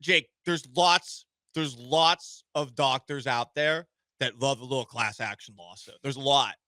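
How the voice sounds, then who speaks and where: A man hosting sports talk radio from a studio, joking and animated, restarting his sentences often. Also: medium pitch, a little slow, no room sound.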